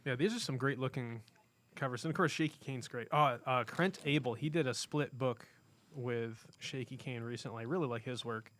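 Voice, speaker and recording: A man's voice: medium pitch, normal speed, fairly bright tone. A man co-hosting a casual podcast in a comic shop, rambling and correcting himself as he talks about comics. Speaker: podcast co-host. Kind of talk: casual chat.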